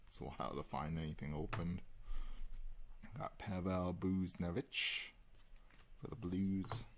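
A man with a deep voice hosts a live card break, taking his time. He rambles easily between pulls and chats with viewers as he goes. A faint hiss sits under the recording. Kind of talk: casual live-stream chat while opening cards.

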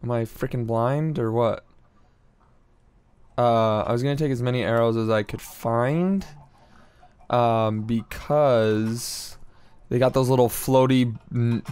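Slow-talking man doing game commentary. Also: mid-range voice, steady tone, a little mellow, clear, resonant tone. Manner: slangy, easily frustrated, talks to himself while playing. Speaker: gameplay commentator.

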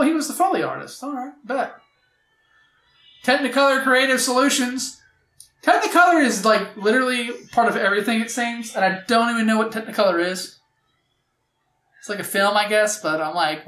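A woman hosting a casual movie riff track, animated and prone to loud outbursts while she reads the credits aloud. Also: on the high side. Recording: echoey room with faint music.

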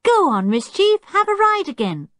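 A woman voicing a bold, keen tomboy girl who speaks briskly and with enthusiasm. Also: on the low side, expressive, a little mellow, breathy edge, no echo, studio quality.

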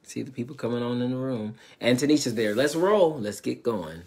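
A man's voice: mid-range voice, lively intonation, a little fast, hardly any pauses, a little mellow, slightly rough. A man, a pastor, reading scripture aloud on a live stream and adding brief asides to the viewers.

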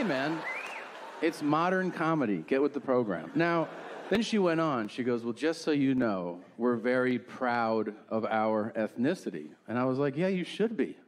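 A man in his forties doing a crude, deadpan stand-up comedy set on a theater stage, acting out quotes in his stories. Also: mid-range voice, background noise. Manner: brash, crude, deadpan storytelling with acted-out quotes.

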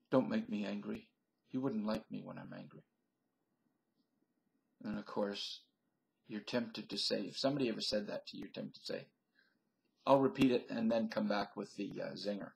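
A man's voice: on the low side, gravelly, low-quality recording. An older man rambling through a stream-of-consciousness comedy monologue into a webcam at home, laughing at his own jokes. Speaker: vlogger.

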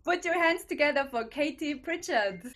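A woman's voice: high voice, animated, normal speed, a bit bright. A woman hosting an online comedy show over a video call, talking hesitantly with many fillers and giggling often.

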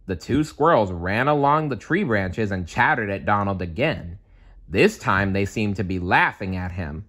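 A man reading a children's bedtime story aloud in a calm, measured way. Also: on the low side. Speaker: storybook reader.

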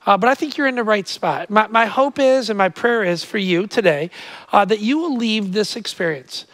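High-pitched male preacher, dry close mic, energetic sermon delivery with many restarts. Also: normal speed, dry recording, low-quality recording. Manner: energetic, stammering restarts, calls out to crowd; quiet and earnest in prayer. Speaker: pastor. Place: church auditorium with live audience.

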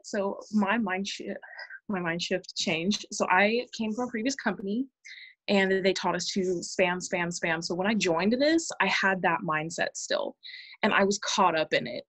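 A woman on a video call sharing her personal story, nervous and halting, with frequent laughs and restarts. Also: mid-range voice, fairly bright tone.

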